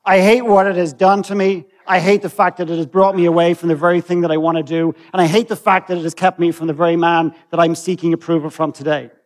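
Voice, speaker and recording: An Irish man speaks from a stage, telling a story from his work and voicing the people in it. His voice sits high for a man. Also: little pitch movement, fast, hardly any pauses. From Ireland. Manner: storytelling, acting out dialogue. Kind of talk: storytelling talk.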